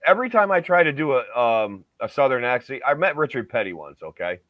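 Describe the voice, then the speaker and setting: A man's voice: medium pitch, sing-song, fairly quick, no room sound. A man hosting a casual podcast, telling a long rambling story and swearing freely. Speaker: podcast host. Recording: dull lo-fi dry recording.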